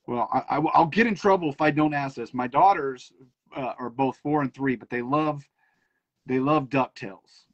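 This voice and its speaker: A man's voice: mid-range voice, normal speed. A man in his thirties hosting an interview, asking plain conversational questions. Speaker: podcast host. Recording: dull lo-fi audio.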